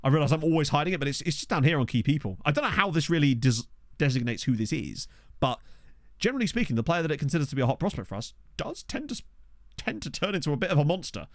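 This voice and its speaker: A man giving casual, excitable let's-play commentary, chatting to his viewers from a desk mic. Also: a little high, quick pace, no echo, clean studio sound. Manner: chatty, excitable, talks to chat. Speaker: game streamer. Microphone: desktop USB microphone.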